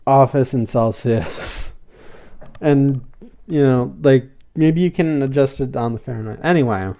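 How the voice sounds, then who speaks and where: A man's voice: medium pitch, a little slow, mellow. A man hosting a podcast, casually recapping a cartoon episode, rambling and repeating fillers as he goes. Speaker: podcast host.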